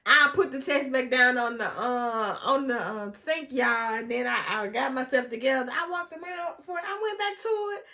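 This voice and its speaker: Young woman vlogging a storytime, laughs a lot, bright punchy voice. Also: high-pitched, moderate pace, few pauses. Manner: animated, laughs often, talks straight to viewers. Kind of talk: casual storytime.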